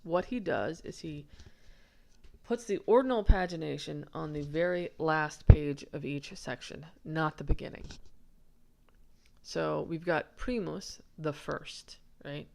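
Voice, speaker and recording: A woman with a low, gravelly voice talks slowly through a casual lesson on a manuscript. She is chatty and giggly and rambles with restarts. She stops to answer viewer comments. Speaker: manuscript researcher presenting her findings.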